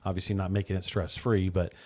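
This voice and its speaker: A man's voice: deep voice, flat delivery, fast, darkish tone. A man hosting a talk show, chatting with a guest in an affirming, reflective way and often restarting his phrases. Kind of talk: interview chat.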